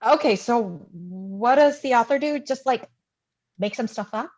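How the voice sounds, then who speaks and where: Cast: woman reading a flustered young woman, somewhat high voice, dull lo-fi recording. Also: expressive, measured pace, a little mellow. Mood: doubtful. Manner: hesitant, fumbling. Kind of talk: live play reading.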